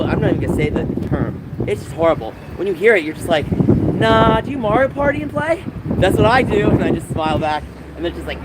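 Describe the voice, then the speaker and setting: High-voiced man venting on a windy livestream. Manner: rambling, aggrieved, venting with frequent restarts. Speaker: gaming livestreamer. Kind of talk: casual livestream chat reading live chat. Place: San Francisco.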